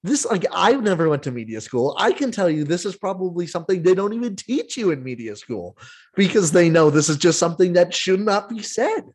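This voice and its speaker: A man hosts a casual sports podcast in a husky, slightly breathy voice. He rants with exasperation, laughs at the absurdity, and drops the odd curse. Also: high-pitched, a little fast. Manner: animated, exasperated, swears, laughs at the topic. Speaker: podcast host.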